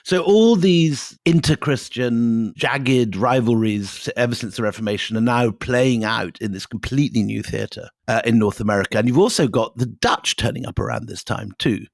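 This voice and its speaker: A man co-hosting a history podcast, explaining events in a measured way with wry jokes. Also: medium pitch, vocal fry, no echo, studio quality. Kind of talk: casual history chat.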